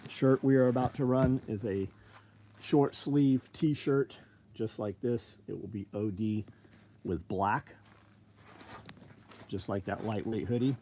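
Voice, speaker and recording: A man's voice: lowish voice, fairly even intonation, slow pace, long pauses, mellow, slight background noise. A man hosting a casual livestream, talking bluntly with lots of swearing, reading viewer names and plugging gear. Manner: blunt, profane, rambling. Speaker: livestream host.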